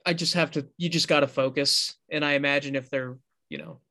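A man co-hosting a podcast, talking in a loose, rambling way and often correcting himself as he goes. His voice sits a little higher than most men's. The talk is easygoing and conversational. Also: steady tone, brisk, pushed and bright. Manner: rambling, self-correcting storyteller. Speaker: podcast co-host. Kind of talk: casual podcast chat.

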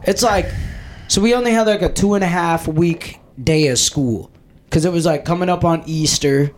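A man's voice: a little high, moderate pace. A man in his twenties, telling rowdy stories on a podcast, swearing freely and laughing as he goes. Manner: profane, excitable, laughs while telling stories. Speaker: podcast host. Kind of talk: casual storytelling chat.

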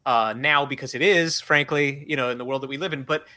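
A man's voice: medium pitch, a little fast. A man co-hosting a podcast, telling stories in casual chat with many fillers. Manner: animated storytelling, many fillers. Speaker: podcast co-host.

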